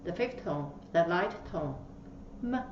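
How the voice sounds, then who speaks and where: Slow, patient woman teaching tones. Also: medium pitch, lively intonation. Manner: patient, demonstrates tones with exaggerated syllables. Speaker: Chinese language teacher. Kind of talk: slow instructional lesson. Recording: roomy, distant, slightly dull mic with faint hiss.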